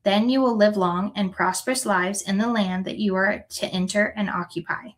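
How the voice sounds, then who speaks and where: Woman reading scripture, earnest and steady. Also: medium pitch, rough recording. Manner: earnest, unhurried reading with small self-corrections. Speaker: scripture reader.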